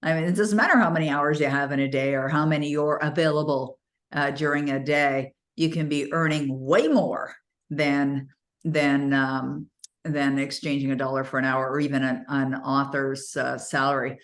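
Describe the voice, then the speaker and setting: Low-voiced woman telling lively stories. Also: moderate pace. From Canada. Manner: animated, acts out dialogue with big pitch jumps. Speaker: host, author coach. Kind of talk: casual storytelling talk.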